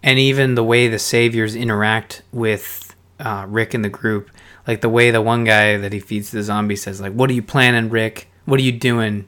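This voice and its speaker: A man's voice: mid-range voice, fairly bright tone. A man co-hosting a casual podcast chat about a TV show, thinking aloud with frequent "you know" and restarts. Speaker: podcast co-host.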